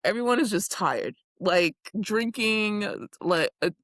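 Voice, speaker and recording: A woman co-hosting a podcast in casual chat, her pitch swinging freely as she retells a story and slips into quick impressions. She speaks into a close mic in a dry room with no echo. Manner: animated storytelling with impressions and frequent laughter. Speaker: podcast co-host.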